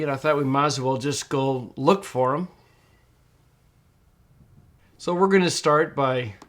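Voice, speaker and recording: A man's voice: a little high, fairly bright tone. Patient man teaching over a screencast. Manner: patient, explains step by step, slows down to model pronunciation. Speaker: Greek teacher. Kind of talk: screencast tutorial narration.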